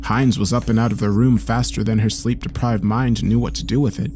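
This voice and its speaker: A man's voice: lowish voice, fairly even intonation, a little fast, warm tone, soft background music. Man narrating a tense story. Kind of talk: first-person story narration.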